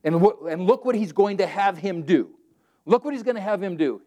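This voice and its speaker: A man from Southern California preaching a sermon in plain, everyday words. He is animated and conversational, and acts out scripture verses as he quotes them. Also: high-pitched, a little fast. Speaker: pastor.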